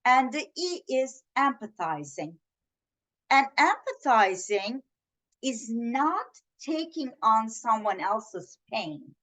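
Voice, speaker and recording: A woman gives a webinar talk over a video call, her voice a little high and her delivery unhurried. She teaches gently and earnestly, pausing to put questions to her listeners. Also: sing-song. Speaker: webinar presenter on communication.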